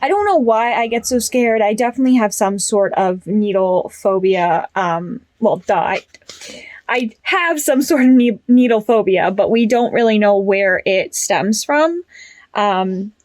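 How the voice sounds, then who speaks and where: A woman's voice: medium pitch, measured pace, darkish tone, dry recording. Young woman vlogging frankly, dry close sound. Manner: frank and chatty, with frequent fillers. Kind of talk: candid personal vlog.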